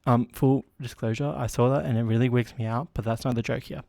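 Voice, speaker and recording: A man's voice: mid-range voice, fairly even intonation, fairly quick, gravelly, darkish tone, no room sound, studio quality. A man hosting a solo comedy podcast, rambling and self-deprecating with lots of fillers and a stuffy nose. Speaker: podcast host.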